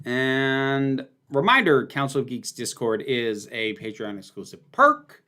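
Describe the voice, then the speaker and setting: Male streamer host, emphatic and opinionated, lively up-and-down delivery. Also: mid-range voice, measured pace. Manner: opinionated, emphatic, rambling with fillers. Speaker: livestream host answering viewer questions. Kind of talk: casual livestream chat.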